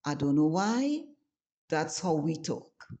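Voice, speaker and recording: Brief: Trinidadian woman, dialect teacher, low and mellow, unhurried delivery. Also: big pitch swings, muffled recording. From Trinidad and Tobago. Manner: slow, deliberate and instructive. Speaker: channel host teaching dialect. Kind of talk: scripted lesson narration.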